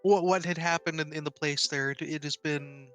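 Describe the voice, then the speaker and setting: Man player, bright crisp voice, hesitant, faint music behind. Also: a little high, steady tone. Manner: hesitant, halting. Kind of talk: casual tabletop game chat.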